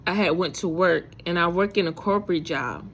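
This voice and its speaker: A woman's voice: lowish voice, brisk, a bit bright. A woman vlogger telling a faith story to her viewers in a casual, rambling way, full of fillers and restarts.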